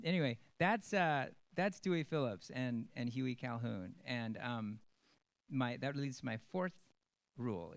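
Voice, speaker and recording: Earnest, low-voiced actor talking. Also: male voice. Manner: rambling and earnest, many ums. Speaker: stage actor speaking to an audience. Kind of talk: personal talk.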